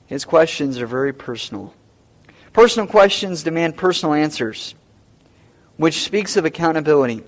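A man's voice: a little high, lively intonation, moderate pace. A man preaching a sermon as pastor, emphatic and repeating key phrases.

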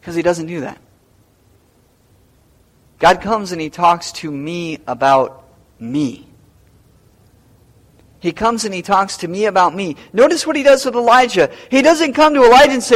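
Male pastor, sermon delivery, high-pitched, emphatic, repeats lines for weight. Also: animated, normal speed, pauses often. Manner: emphatic, repeats key phrases.

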